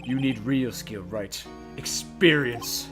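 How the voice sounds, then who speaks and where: A man voicing a cold, haughty male rival prosecutor with a low, brooding, scornful drawl. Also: slow pace, music in the background, natural voice. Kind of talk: comedic let's-play voice acting.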